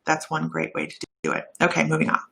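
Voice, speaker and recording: A woman giving intuitive readings on a live stream, chatty and warm, laughing at herself and drifting off topic. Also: low-pitched, very animated, fast talker, gravelly. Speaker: intuitive reader and shaman.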